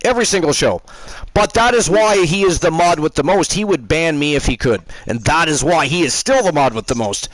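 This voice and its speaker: A man's voice: on the high side, fairly quick, hardly any pauses, no echo, rough recording. A man hosting a live stream, teasing and rambling through casual banter. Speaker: host.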